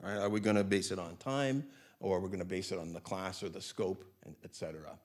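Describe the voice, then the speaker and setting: A man's voice: deep voice, quick pace. Conversational man giving a talk. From Canada. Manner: conversational, many tag questions. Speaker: conference speaker. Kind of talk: conference talk. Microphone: handheld mic, hot gain.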